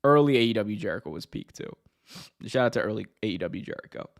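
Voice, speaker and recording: A man's voice: lowish voice, lively intonation, fast, creaky. Rambling, self-correcting male podcast host. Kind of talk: casual wrestling news chat.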